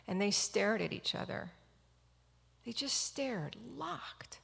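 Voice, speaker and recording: Earnest woman storyteller, gravelly voice, hall echo. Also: medium pitch, lively intonation, slow, fairly bright tone. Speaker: physician. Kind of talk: personal storytelling talk.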